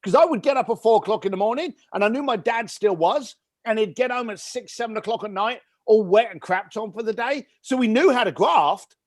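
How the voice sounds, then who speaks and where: A man guest on a podcast, telling a personal story in an animated way and acting out the voices of his family. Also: high-pitched, fairly quick, hardly any pauses, dry recording, studio quality. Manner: animated storyteller who acts out family dialogue. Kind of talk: storytelling interview.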